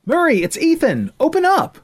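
A man's voice: high-pitched, sing-song, fairly quick, pitched above the performer's own voice. A man voicing a panicked, hysterical young man who talks in a frantic, urgent, raised voice, in an audiobook.

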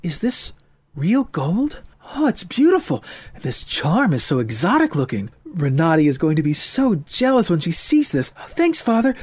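A man voicing an excitable young woman who speaks in a bright, gushing, breathless way, in an audiobook. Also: fairly low pitch, moderate pace, breathy edge, dry recording, voice pushed up. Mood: delighted.

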